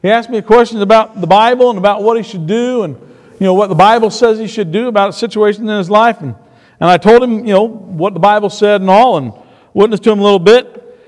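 A man preaching a sermon, shifting between quiet storytelling and emphatic points. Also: sits high, fast. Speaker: pastor. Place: church sanctuary. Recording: long reverb of a church hall.

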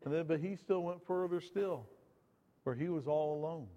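In a church hall full of long reverb, a man with a high voice preaches fairly quickly. He alternates between booming, emphatic bursts and hushed asides.

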